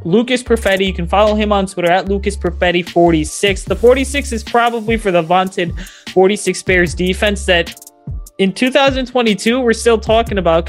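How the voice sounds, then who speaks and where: A man hosting a sports podcast over a video call, tired from just waking up, rambling and joking as he opens the show. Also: high-pitched. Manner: rambling, chatty, joking asides. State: sleepy, just woke from a nap. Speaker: podcast host. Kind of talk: casual sports podcast chat.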